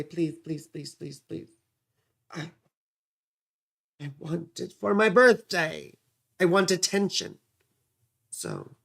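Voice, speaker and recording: Gravelly, slow-talking male astrology streamer. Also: high-pitched. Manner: rambling, distracted, swears casually. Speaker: astrology livestream host. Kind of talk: casual livestream astrology reading.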